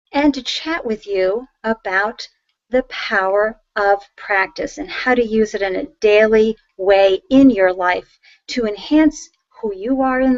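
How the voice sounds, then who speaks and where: A woman's voice: a little high, no room sound, muffled recording. A woman with a Boston accent hosting an interview show, gushing and effusive as she introduces her guest. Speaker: host.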